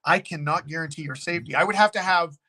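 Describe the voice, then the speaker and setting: Animated, swearing man telling a story. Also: a little high, fast. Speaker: haunted location owner, guest. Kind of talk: casual storytelling.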